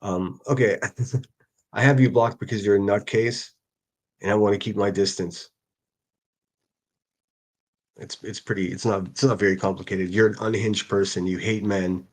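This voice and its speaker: A man's voice: on the low side, fairly even intonation, normal speed, long pauses. A man hosting a solo livestream, reading out hostile comments and answering them in a sarcastic, profane rant. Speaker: livestream host.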